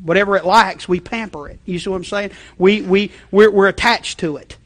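A male pastor preaching a sermon in a conversational way, checking in with the congregation and shifting between loud emphasis and quiet asides. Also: high voice, brisk. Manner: conversational, repeating check-ins, frequent restarts.

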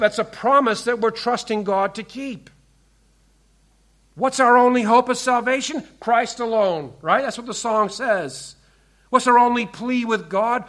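A man preaching a sermon in earnest tones, often slowing and dropping quiet and low for emphasis. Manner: quotes scripture with slow, stressed delivery. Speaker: pastor.

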